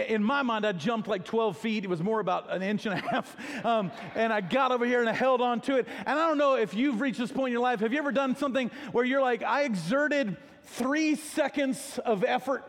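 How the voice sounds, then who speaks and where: A man's voice: extremely high pitch, long reverb tail. A male pastor preaching a sermon in a casual storytelling way, with self-deprecating humor.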